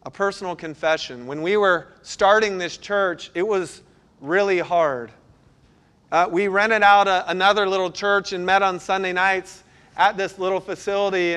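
A middle-aged man, a pastor, preaching a sermon and telling stories, sometimes breaking into loud bursts. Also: high voice, clear, resonant tone. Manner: storytelling, animated with sudden loud bursts.

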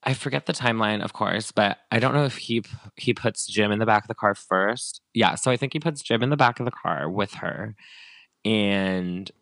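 A man's voice: on the low side, moderate pace, vocal fry, fairly bright tone, no echo. A man hosting a podcast, retelling a story in a casual, rambling way with lots of fillers. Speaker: podcast host.

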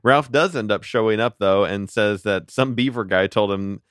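Relaxed low-voiced man chatting. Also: normal speed, clear, resonant tone, dry recording, clean studio sound. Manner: laughs easily, relaxed. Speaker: podcast co-host. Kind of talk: casual chat recapping a cartoon.

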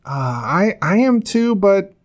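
A man's voice: high-pitched, slow. A man co-hosting a casual podcast, joking playfully and reading out would-you-rather questions in a studio. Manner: playful, jokey, animated. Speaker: podcast co-host. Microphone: studio microphone.

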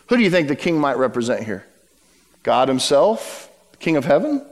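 A man preaching a sermon to his church, telling a story with dramatic shifts between loud emphasis and hushed words. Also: medium pitch, very animated, normal speed, in a large hall. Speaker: pastor. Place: church sanctuary.

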